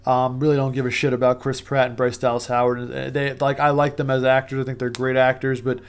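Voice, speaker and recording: A man's voice: medium pitch, flat delivery, brisk, smooth. A man reviewing a movie in a casual, opinionated rant, swearing, sarcastic and full of fillers. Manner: profane, sarcastic, rambling with many fillers.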